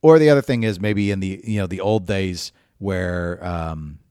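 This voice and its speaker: A man with a lowish voice co-hosts a casual podcast. He thinks out loud, stumbles through restarts and slips in jokes. The mic is close and the sound is very dry. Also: moderate pace, clean tone, dry recording. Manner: thinks aloud with restarts, jokey. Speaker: podcast co-host.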